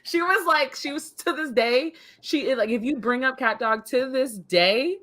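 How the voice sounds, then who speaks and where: A woman's voice: high-pitched, a little slow. Laughing woman in casual chat. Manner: laughs easily, lively anecdotes. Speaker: co-host.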